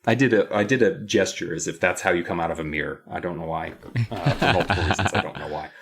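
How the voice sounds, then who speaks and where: A man's voice: low-pitched, quick pace, a bit bright. A man co-hosting a podcast, recapping a book episode in a playful, rambling way. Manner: playful, rambling, often laughing. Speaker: podcast co-host.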